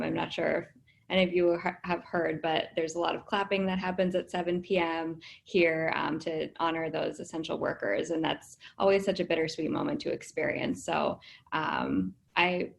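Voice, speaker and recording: Low, gravelly woman on a call. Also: a little hiss or hum. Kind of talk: video call check-in. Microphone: video call.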